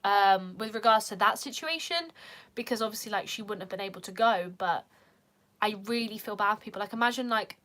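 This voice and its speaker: A woman's voice: medium pitch, fairly quick, a bit bright. A young British woman chatting casually as a vlogger, talking in a rambling way and saying "like" a lot. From United Kingdom. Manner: chatty, peppered with "like". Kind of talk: casual chat.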